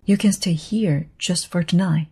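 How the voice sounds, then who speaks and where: A woman voicing a brisk, cross but kindly older farm woman, in a low husky voice. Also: dark tone, heavily acted. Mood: stern. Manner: brisk and cross, with a kind side.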